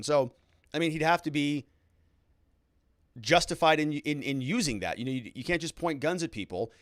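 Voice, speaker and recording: A middle-aged man hosting a casual legal livestream, reading viewer comments aloud and reacting with quick, chatty asides. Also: on the high side, a bit bright, no echo, clean studio sound. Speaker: lawyer host reading live chat comments.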